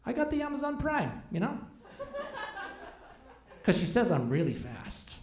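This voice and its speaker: Male stand-up comic, 40s, light high voice, loose rambling delivery, echoey club room. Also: huge pitch swings, takes it slowly, crowd noise. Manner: rambling, self-deprecating, chats with the audience. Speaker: stand-up comedian. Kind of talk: stand-up comedy set with crowd work. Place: comedy club stage.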